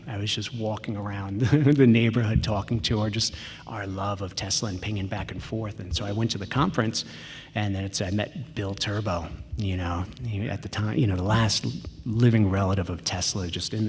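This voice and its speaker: A man's voice: on the low side, slight background noise. A man giving a conference talk, telling a personal story in a chatty way with frequent ums and quoted asides. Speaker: conference speaker. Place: large auditorium. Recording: long reverb of a large hall.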